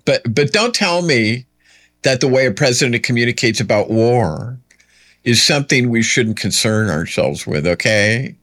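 A man's voice: medium pitch, expressive, normal speed, a bit bright. A man hosting a solo political commentary show, firing off emphatic rhetorical questions with sarcastic asides.

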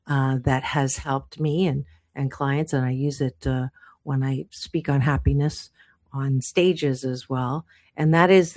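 A woman motivational speaker sharing a heartfelt personal story, halting and full of fillers. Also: sits low, no room sound, studio quality.

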